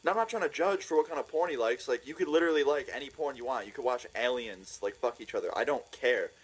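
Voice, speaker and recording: A young man telling a funny story for a vlog, excitable and profane, laughing as he goes. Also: mid-range voice, fast talker, breathy edge, rough recording. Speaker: vlogger.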